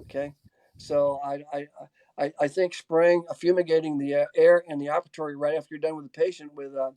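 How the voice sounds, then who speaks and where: Halting man on a webinar call. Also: on the high side, steady tone, dark tone, no room sound. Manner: halting, many restarts and fillers, reads out audience questions. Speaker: webinar speaker answering questions. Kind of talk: casual Q&A in a webinar.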